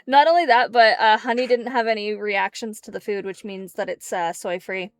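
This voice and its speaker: A woman's voice: mid-range voice, steady tone, normal speed, no room sound. A woman in casual chat before a tabletop game, telling rambling stories and laughing often. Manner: rambling anecdotes with frequent laughs. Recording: dry close mic, faint music behind.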